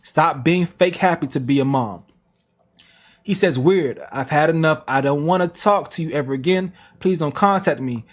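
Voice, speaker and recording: A man reading text messages aloud on a reaction stream, with slangy asides. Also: on the high side. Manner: plain reading broken by slang asides and laughs.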